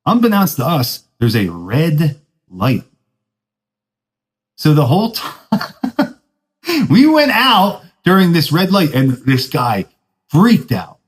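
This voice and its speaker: His voice is a little high with huge pitch swings, slow and often pausing, and the recording is low quality. The young podcast host tells casual, self-mocking stories in surfer slang, saying "dude" frequently and laughing at himself.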